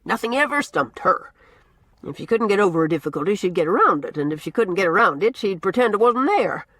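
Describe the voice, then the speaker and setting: A woman voicing a brisk, outspoken older village woman with blunt, gossipy opinions. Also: on the low side, a bit bright, no room sound, exaggerated voice.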